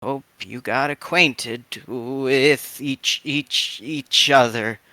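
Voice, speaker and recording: A man voicing a frail, shrewd old woman who stutters and speaks slowly in a tabletop game. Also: mid-range voice, steady tone, sharp tone, dry recording. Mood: sly. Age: older. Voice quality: stuttering, slow voice. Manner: sly, calculating. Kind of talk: tabletop role-play voicing.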